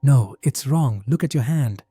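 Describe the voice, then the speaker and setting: A man voicing a frightened woman researcher with a trembling, shrill voice. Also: animated, a little slow, dark tone, slightly rough, dry recording, studio quality, soft background music. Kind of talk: horror narration.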